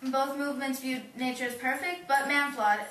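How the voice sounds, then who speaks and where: Teen girl, reading notes aloud, bright and high, far off mic, echoey room. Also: fairly even intonation, moderate pace, slight background noise. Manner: reads text aloud plainly. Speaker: student presenter. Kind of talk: reading aloud for a class project.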